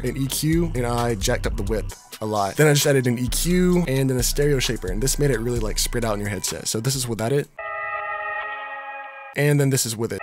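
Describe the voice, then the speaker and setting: Laid-back young man over beat music. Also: medium pitch. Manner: laid-back, filler-heavy slang. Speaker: beat-making tutorial host. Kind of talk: casual screen-recorded tutorial. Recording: music playing clearly behind voice.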